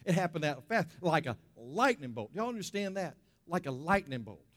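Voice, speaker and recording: A man's voice: on the high side, very animated, moderate pace. A male pastor preaching a conversational sermon, stressing points with repetition and rhetorical questions. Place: church sanctuary. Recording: long hall reverb.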